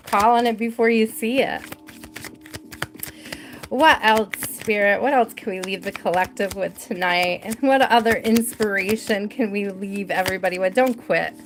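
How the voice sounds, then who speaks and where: A woman hosting a casual live tarot reading, bubbly and quick to laugh, talking to spirit and to her viewers in the chat. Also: mid-range voice. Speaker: tarot reader hosting a livestream.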